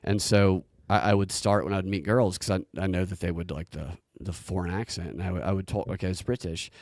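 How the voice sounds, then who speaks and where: A man's voice: deep voice, steady tone, brisk, darkish tone, no echo, studio quality. A man with a Southern US accent co-hosting a podcast, joking and laughing at his own lines in casual commentary. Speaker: podcast co-host.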